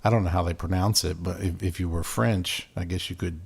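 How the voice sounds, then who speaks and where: Wry middle-aged guy co-hosting from his armchair, low gravelly voice. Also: fairly even intonation, brisk, a little mellow. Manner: wry, joking, rambling asides. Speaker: podcast co-host. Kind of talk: casual chat. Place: home, sitting in armchair.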